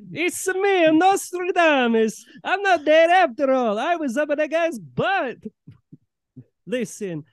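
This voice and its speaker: A man playing a brash, needy fortune-teller in an improv comedy scene, loud and pushy as he hands out predictions. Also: very high voice, clear, resonant tone, no echo, clean studio sound. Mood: boastful.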